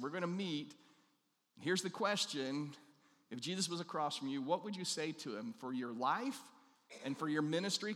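A male pastor preaching a sermon, telling a story and acting out the quoted lines, dropping his voice low on the key questions. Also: fairly bright tone, long reverb tail.

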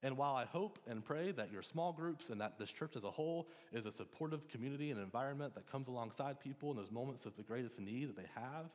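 Speaking quickly with few pauses, this thirty-something pastor preaches in a church sanctuary with a medium-pitched, lively voice. His sermon is earnest and conversational, full of restarts and ums, and the hall's long reverb rings around him.

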